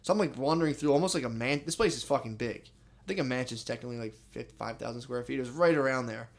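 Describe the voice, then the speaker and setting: A man's voice: mid-range voice, fast. A young man co-hosting a comedy podcast, telling rambling, swear-filled stories and saying dude constantly. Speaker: podcast co-host. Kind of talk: casual comedy podcast chat.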